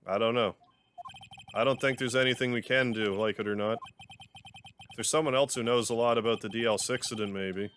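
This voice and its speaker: A man's voice: mid-range voice, steady tone, brisk, long pauses, fairly bright tone, a little hiss or hum. A man playing through a visual novel, reading lines and making wry joking asides. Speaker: gaming YouTuber. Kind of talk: let's play commentary and reading.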